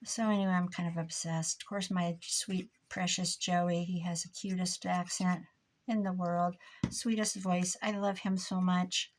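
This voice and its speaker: A woman's voice: on the low side, little pitch movement, unhurried. Brief: older woman, chatty crafting vlogger, cranky rambling asides. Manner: chatty, rambling, mock-grumpy. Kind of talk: casual chat while crafting.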